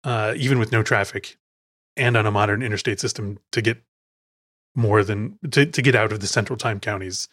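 A man's voice: fairly low pitch, normal speed, fairly bright tone, no echo, clean studio sound. Chatty man recounting film scenes. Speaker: podcast host. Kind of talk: casual film discussion.

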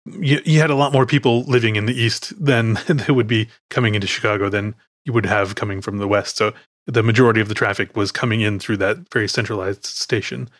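A man's voice: on the low side, fairly even intonation, fairly quick, fairly bright tone, no echo, studio quality. A man hosting a film podcast in casual chat, rambling, correcting himself and laughing often. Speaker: podcast host.

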